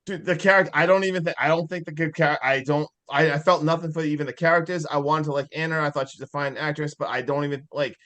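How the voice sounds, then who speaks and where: A man's voice: a little high, steady tone, fast, hardly any pauses, a bit bright. A man co-hosting a podcast, flustered and stumbling over his words in casual chat. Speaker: podcast co-host.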